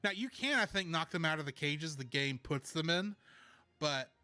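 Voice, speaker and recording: A man's voice: on the high side, lively intonation, moderate pace, pushed and bright, dry recording. Chatty man guiding a game playthrough. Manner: chatty, explaining with many "uh" fillers; reads chat messages and replies. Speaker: video game streamer. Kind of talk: casual walkthrough commentary.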